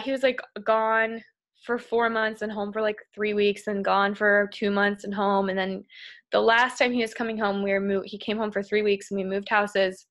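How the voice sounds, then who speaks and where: Her voice a little high and a bit bright, a young adult woman opens up to a group as a guest speaker. The story is candid and emotional, sprinkled with many "like" fillers, and at moments she is close to tears.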